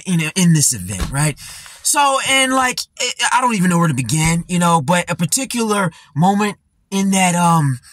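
A man's voice: on the high side, fairly bright tone, husky, no room sound. A man giving casual commentary, rambling and laughing, full of "you know" fillers. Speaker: commentary vlogger.

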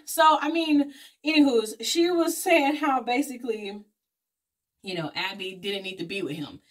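A woman vlogger casually recapping a movie plot in an animated, slangy way. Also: a little high, unhurried. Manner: animated storytelling, slangy asides, acts out characters' lines. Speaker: beauty vlogger reviewing a movie.

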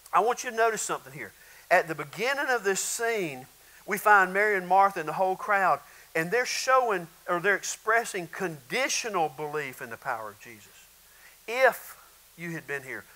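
Male pastor, high bright voice, chatty preaching with loud outbursts. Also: poor audio. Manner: conversational preaching with bursts of shouting and laughter. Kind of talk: sermon.

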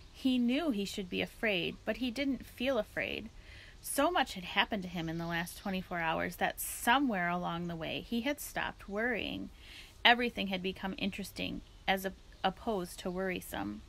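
A woman librarian reading a children's book aloud in a gentle, steady storytime style. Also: medium pitch, normal speed, creaky.

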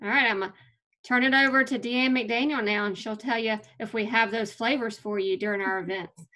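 A woman hosts a virtual information session, running a poll briskly and with upbeat energy. Her voice is high and sharp-edged, with a bright, forceful tone. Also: fairly even intonation. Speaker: session moderator. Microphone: video call.

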